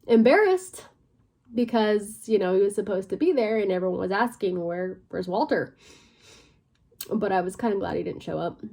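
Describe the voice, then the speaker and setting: Young woman, vlogger, personal storytelling, conversational, lots of fillers, hushed at tense parts. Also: mid-range voice, fairly even intonation, fast, gravelly. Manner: conversational, many fillers, drops to a near whisper at tense moments.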